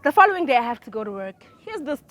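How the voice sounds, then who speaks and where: This is a woman with a fairly high voice, telling a personal story in a relaxed, chatty way. She drops into low mutters, then breaks into loud bursts of energy, and she often laughs between lines. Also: fast talker. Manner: animated, swinging from low mutters to loud outbursts; laughs through her own story. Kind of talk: casual storytime chat.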